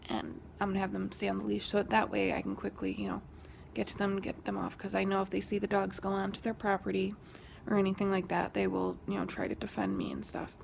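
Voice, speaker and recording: Young woman, vlogger, hushed, gravelly fry, faint background noise. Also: medium pitch, fast talker, few pauses. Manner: whispery, hushed retelling that rises when quoting an argument. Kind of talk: casual storytelling.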